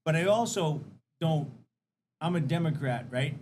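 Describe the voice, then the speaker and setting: A podcast host speaking in a slightly higher-than-average male voice, halting and repeating himself in loose chat. He laughs along easily, with a faint hiss underneath. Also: lively intonation, a little mellow. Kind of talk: casual chat.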